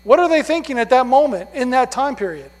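A man preaching a sermon, emphatic, swinging from loud stresses down to hushed words. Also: very high-pitched, animated, a little fast. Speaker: pastor. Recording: long hall reverb.

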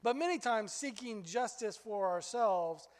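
A man preaching a sermon as pastor, telling stories in an animated way that climbs high when he gets excited. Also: a little slow, in a large hall.

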